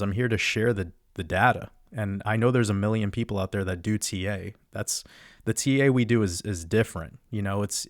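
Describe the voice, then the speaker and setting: Male podcast host, lowish voice, close dry mic, casual chart-talk delivery with restarts and fillers. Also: no echo. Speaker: crypto chart analyst host. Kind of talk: solo chart-walkthrough commentary.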